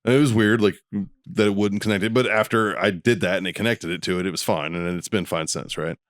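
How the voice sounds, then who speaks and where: A man co-hosting a podcast, telling stories in a casual, profane, animated way. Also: fairly low pitch, quick pace, no echo, clean studio sound. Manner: profane, animated storyteller, acts out quotes. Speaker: podcast co-host. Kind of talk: casual chat, storytelling.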